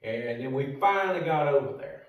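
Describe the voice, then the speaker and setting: A man's voice: mid-range voice, animated, moderate pace. An older man, telling a story in a salty, profane, folksy way. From United States. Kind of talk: casual storytelling. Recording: roomy echo from a distant mic.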